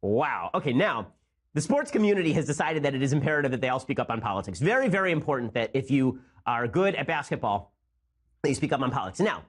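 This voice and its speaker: A man hosting a political talk podcast, speaking in a rapid-fire, sarcastic, mocking way. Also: medium pitch, very animated. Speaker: podcast host.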